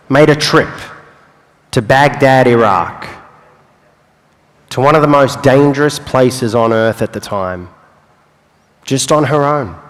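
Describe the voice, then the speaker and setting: A young man giving a motivational talk on stage, telling his life story with long pauses and playful asides. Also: mid-range voice. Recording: live hall with long reverb.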